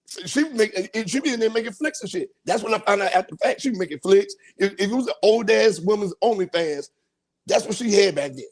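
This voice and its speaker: High-voiced podcast guy hamming up a wild story, sound effects and all. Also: expressive, brisk. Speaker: podcast host. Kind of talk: profane comedic storytelling.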